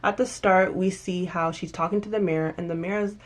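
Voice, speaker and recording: Woman, low-pitched, casual episode reviewer; animated, emphatic, chatty. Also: fairly quick. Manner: animated, emphatic, with restarts and acted-out asides. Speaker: TV recap reviewer.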